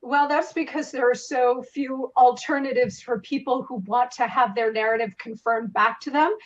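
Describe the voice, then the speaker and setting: Woman commentator, high voice, forceful and fluent, heard over a dull remote line. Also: steady tone, moderate pace. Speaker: guest commentator. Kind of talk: remote interview.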